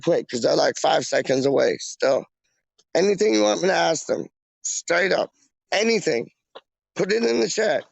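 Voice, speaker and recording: Young man, gravelly, fairly high voice, loose slangy livestream chatter, dry dull phone mic. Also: no room sound. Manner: slangy, rambling, drops fillers like "man" and "dog". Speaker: streamer. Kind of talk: casual street livestream.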